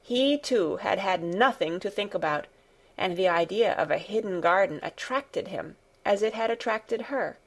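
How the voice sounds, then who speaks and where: A woman narrating an audiobook in a calm, soft, even storytelling manner. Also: mid-range voice, moderate pace.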